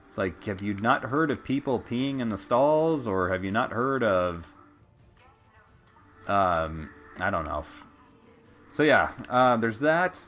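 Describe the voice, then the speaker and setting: A man's voice: lowish voice, expressive, slow, fairly bright tone, faint music behind. A young man streaming a game, chatting casually and telling stories with loose swearing. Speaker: gameplay streamer. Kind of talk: casual storytelling while gaming.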